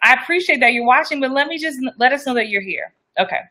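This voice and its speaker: A woman's voice: high-pitched, expressive, quick pace, sharp tone. A woman hosting a live-stream interview show, upbeat and direct, speaking straight to her viewers. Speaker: host of an acting show.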